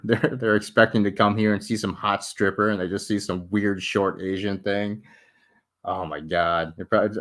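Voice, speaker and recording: Young male streamer, low voice, loose and profane, self-mocking humor, late-night chat at home. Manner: joking, self-mocking, swears freely, laughs often. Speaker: livestreamer building a model ship.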